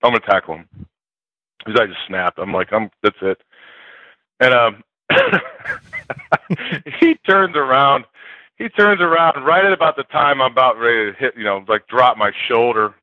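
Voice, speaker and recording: An older man, once a college football player, is a guest in an interview and tells animated stories, loudly acting out quotes and laughing often. His mid-range voice moves at a moderate pace with frequent pauses. The audio is dull, with no echo.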